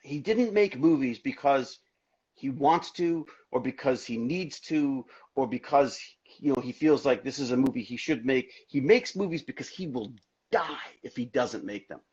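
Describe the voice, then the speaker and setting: A man guesting on an interview, telling stories in an animated, rambling way with many restarts, heard over a video call. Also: mid-range voice, moderate pace, husky. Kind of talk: casual interview chat. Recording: dull lo-fi social media livestream audio.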